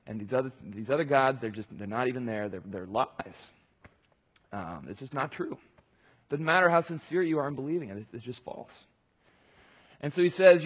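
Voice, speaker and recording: A man's voice: medium pitch, expressive, normal speed, slightly rough. A man preaching a conversational sermon, talking casually and rambling, with many fillers and restarts. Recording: long hall reverb.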